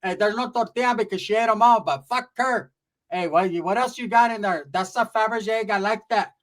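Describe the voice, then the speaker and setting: A man voicing a brash, bossy middle-aged aunt who talks loud and crude. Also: high-pitched, brisk, pitched above the performer's own voice.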